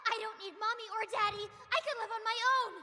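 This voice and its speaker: An actress in an anime English dub voicing a proud, fiery teenage girl who pilots a mecha, shouting defiantly and pleading desperately. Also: very high voice, little pitch movement, fast, heavy background noise. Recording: dub clip over loud score.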